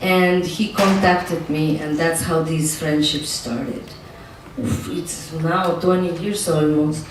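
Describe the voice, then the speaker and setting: A middle-aged woman with a Mexican accent, telling stories in an interview with animated emotion, often laughing and repeating words as she speaks. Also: sits low, takes it slowly, a little hiss or hum. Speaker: actress interviewee. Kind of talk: candid interview storytelling. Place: film festival interview room. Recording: very echoey room, distant mic, faint ambience.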